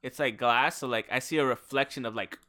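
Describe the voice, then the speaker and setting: A young man co-hosting a casual chat, telling a story in an animated, profane way. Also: mid-range voice, fairly quick. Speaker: podcast co-host.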